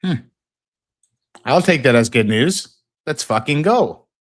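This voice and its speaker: A man's voice: mid-range voice, animated, slow pace. Joking man bantering on a trading stream. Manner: joking, laughs a lot, reads out headlines.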